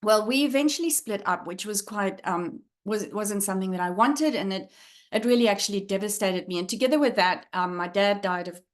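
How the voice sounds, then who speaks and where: A middle-aged South African woman speaks as a guest speaker, recounting her life in an earnest, reflective way. Her voice sits at an ordinary middle pitch, and she pauses often with soft fillers as she gathers her thoughts. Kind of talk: personal storytelling talk.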